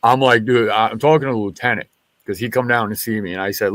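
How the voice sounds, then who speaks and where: A man, a former military police officer, swearing freely in an animated story that acts out what each person said. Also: medium pitch, fast, dry recording. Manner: profane, animated retelling with quoted dialogue. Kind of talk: casual storytelling in a group chat.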